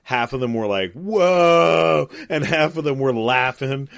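Homme enthousiaste au son sec. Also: male voice, mid-range voice, normal speed, a bit bright, no room sound. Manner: enthusiastic, profane, many fillers. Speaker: podcast co-host. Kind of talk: casual chat.

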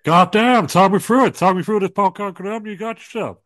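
Guy doing a brash shouty wrestler voice, way up high and loud, no room echo. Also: a little fast. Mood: exclaiming. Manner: yelling exclamations at a high pitch. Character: shouting, brash male wrestling star impression.

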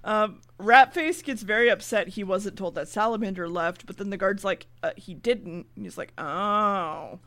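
A woman co-hosting a podcast, retelling a TV episode in casual chat, swearing freely and slipping into quick character voices. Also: medium pitch, fairly bright tone. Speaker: podcast co-host recapping an episode.

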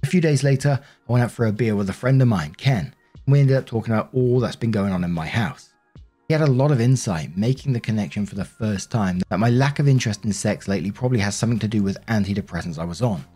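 Brief: low, husky male story narrator, faint music bed. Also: quick pace. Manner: steady first-person reading. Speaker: narrator of online stories. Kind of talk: reading a story aloud.

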